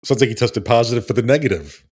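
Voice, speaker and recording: A man's voice: mid-range voice, animated, fast, a little mellow, husky. A man co-hosting a podcast, dropping dry wisecracks in casual chat. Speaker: podcast co-host.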